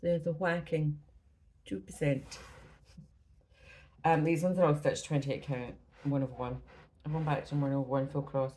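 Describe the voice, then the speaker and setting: A woman's voice: very deep voice, fairly even intonation, brisk, dark tone, poor audio. A Scottish woman at home, chatting casually about her stitching projects, rambling and often apologizing, a little out of breath. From Scotland. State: slightly out of breath. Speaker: cross-stitch vlogger. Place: at home indoors.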